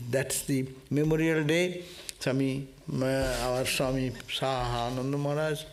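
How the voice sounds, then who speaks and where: A man, a swami giving slow, earnest closing remarks at a devotional gathering, repeating phrases as he goes. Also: on the high side.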